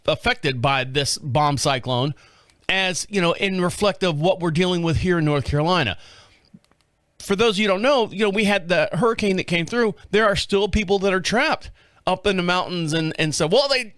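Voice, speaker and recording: In a small radio studio, a male podcast host talks into a studio microphone in a casual, folksy, rambling way, joking as he goes. His voice sits high with a fairly bright, smooth tone, and the recording is dry.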